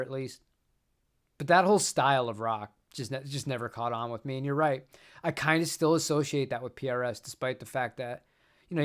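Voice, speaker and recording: A man hosting a guitar channel, chatting casually on a live stream, rambling and repeating words and laughing often. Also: mid-range voice.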